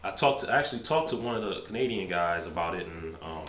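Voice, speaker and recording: A man's voice: low-pitched, lively intonation, quick pace, fairly bright tone, reverberant, soft background music. A man talking to camera in a rambling, emphatic way, often restarting his sentences. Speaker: vlogger. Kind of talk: casual monologue to camera.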